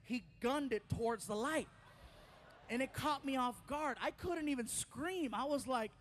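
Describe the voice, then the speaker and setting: Male stand-up comic, very high voice, lively storyteller who acts out characters. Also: a little slow, a little hiss or hum. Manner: animated, acts out characters in his stories. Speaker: stand-up comedian.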